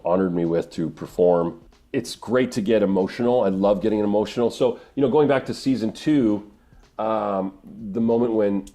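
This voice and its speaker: A middle-aged man, a voice actor, answering interview questions in an earnest, emotional way, often pausing and restarting. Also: low-pitched, dark tone. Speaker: voice actor guest.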